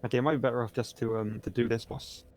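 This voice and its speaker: A man's voice: medium pitch, level tone, fast talker, darkish tone, a little hiss or hum. Joking rambling man on voice chat. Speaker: guiding player. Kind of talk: casual gaming chat.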